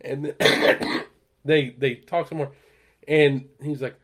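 A man co-hosting a podcast, rambling through a sitcom episode in a casual chat, with many fillers and louder acted-out quotes. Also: a little high, steady tone, takes it slowly. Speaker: podcast co-host.

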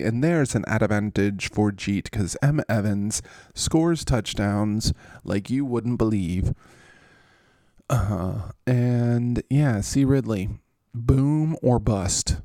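A man hosts a fantasy football show and walks through matchups in a loose, jokey way, filling pauses with "uh" and "um". His low voice is mellow and gravelly. His pitch moves around a lot, and the recording is close and dry. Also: dry recording. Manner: easygoing, filler-heavy, jokey. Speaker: fantasy football podcast host. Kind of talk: casual podcast matchup rundown.

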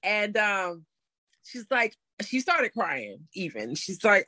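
A woman in her thirties telling a story in a casual interview, animated and laughing as she acts out what people said. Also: mid-range voice, takes it slowly, no echo. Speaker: interview guest.

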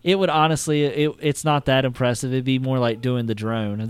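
A man's voice: mid-range voice, fairly even intonation, a little fast, slight background noise. A man co-hosting a podcast in casual chat, joking and rambling, laughing often. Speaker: podcast co-host.

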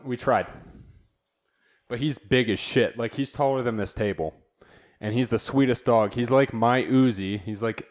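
Laid-back man, slangy podcast chat. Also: lowish voice. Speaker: podcast host. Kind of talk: casual solo podcast chat. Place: new home studio.

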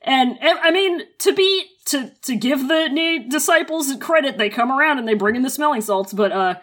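A woman's voice: high-pitched, expressive, moderate pace, fairly bright tone. A woman co-hosting a casual book discussion, ranting with heavy profanity. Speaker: podcast co-host.

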